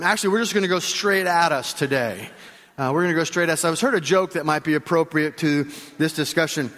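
A man's voice: sits high, fairly bright tone, in a large hall. A male pastor giving a sermon in a conversational, joking way, speaking directly to the congregation.

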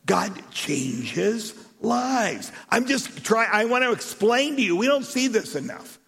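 A man preaching a sermon and telling stories in an animated way, with shouted emphasis. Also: sits high, slow pace, vocal fry, husky. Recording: echoey hall reverb.

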